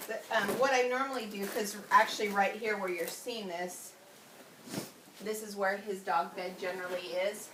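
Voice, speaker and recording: A woman's voice: medium pitch, steady tone, normal speed, recorded from a distance. A woman at home doing a casual product demo in a rambling, chatty way with lots of ums, out of breath as she moves about. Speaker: home video reviewer. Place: at home, indoors. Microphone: camera set away from her. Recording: echoey room, off-mic, noisy.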